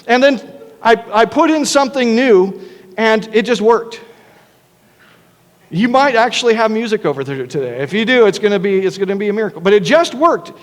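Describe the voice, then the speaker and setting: A man preaches as pastor in a church sanctuary, his high voice expressive and his pace moderate. The room adds a long reverb tail. His delivery is earnest and conversational, with many restarts.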